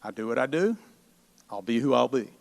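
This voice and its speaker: A man voicing a calm, sovereign male deity who speaks quietly and firmly. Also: medium pitch, fairly quick, creaky, pitched below the performer's own voice. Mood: commanding.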